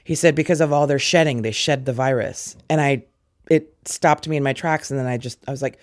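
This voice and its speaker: A woman in her forties intensely retelling a family story, with halting restarts and acted-out quoted dialogue. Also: a bass voice, no echo, clean studio sound. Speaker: interviewee. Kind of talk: personal storytelling.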